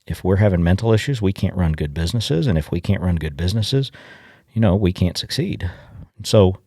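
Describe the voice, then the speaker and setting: A middle-aged man from Illinois hosting a farming podcast, telling stories in a folksy, halting way. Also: deep voice, expressive, mellow, dry recording, clean studio sound. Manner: folksy storyteller, halting restarts. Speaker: podcast host. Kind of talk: casual podcast monologue.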